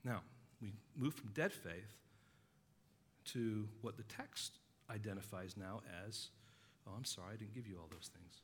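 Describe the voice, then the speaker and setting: A man preaching a sermon as pastor, earnestly stressing key words and dropping his voice low to tell stories. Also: measured pace, slightly rough, long reverb tail. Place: church sanctuary.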